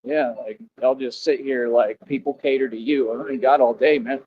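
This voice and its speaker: A man's voice: mid-range voice, steady tone, normal speed, muffled recording, a little hiss or hum. A man vlogging outdoors, boasting and confronting his viewers in slang-heavy street talk.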